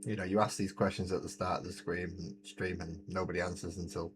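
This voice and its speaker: Deep-voiced chatty man at a hobby stream. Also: level tone, a little fast, noisy background. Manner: chatty, laughs often, reads out chat messages. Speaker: livestream host. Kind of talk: casual livestream chat while painting miniatures. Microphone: desk mic, moved close to the face.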